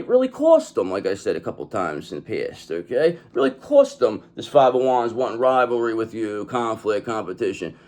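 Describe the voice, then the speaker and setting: A man reading tarot cards in a streetwise, gangster-style monologue, often tagging "okay?" onto his lines. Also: a little mellow. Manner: acts out pleading enemies in a high voice. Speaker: tarot reader.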